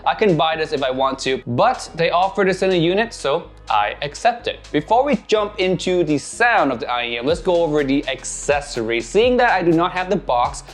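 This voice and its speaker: A man with a raspy voice, hoarse from being sick, casually and enthusiastically reviewing audio gear for his channel. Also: fairly high pitch, animated, normal speed, few pauses, faint music behind. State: hoarse from illness. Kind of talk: product review talking to camera.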